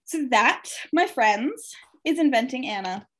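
A woman's voice: sits high, expressive, measured pace, fairly bright tone. A young woman hosting a casual podcast, sharing her opinions in a chatty, filler-heavy way. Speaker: podcast host. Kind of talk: casual chat.

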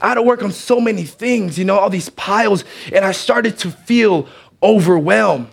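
Preaching in church, this man tells an energetic story and brings the characters to life as he goes. His high-pitched voice moves at a normal speed, with vocal fry and a breathy edge, in the animated style of sermon storytelling.

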